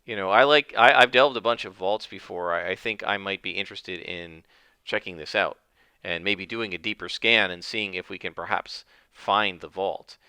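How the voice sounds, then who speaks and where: A man's voice: deep voice, moderate pace, pushed and bright, clean tone, no echo. A man voicing a curious woman relic hunter captain, speaking plainly with hesitant fillers.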